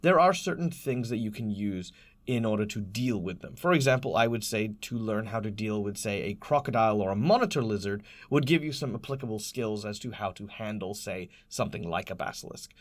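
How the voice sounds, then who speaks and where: A man narrating a tabletop game as game master, describing scenes in detail, laughing often and slowing down for dramatic moments. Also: on the low side, animated.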